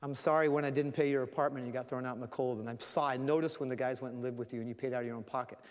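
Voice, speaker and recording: A man's voice: mid-range voice, fairly even intonation, rapid-fire, natural voice. A man voicing a remorseful apologizing man. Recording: long hall reverb.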